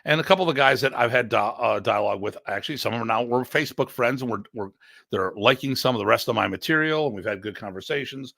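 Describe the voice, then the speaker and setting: A middle-aged American man, a podcast host and martial arts instructor, telling stories in an animated, blunt, joking way and acting out quoted exchanges. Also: quick pace, vocal fry, no room sound, clean studio sound. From United States. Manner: animated, acts out quoted exchanges with pitch jumps; rambling with restarts, blunt and joking. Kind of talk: casual storytelling chat.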